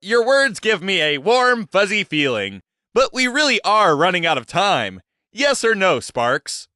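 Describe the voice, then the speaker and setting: A man's voice: sits high, big pitch swings, measured pace, bright, forceful tone, no echo, clean studio sound, pitched above the performer's own voice, full character voice. A man voicing a courteous otherworldly male being who speaks politely but presses for an answer.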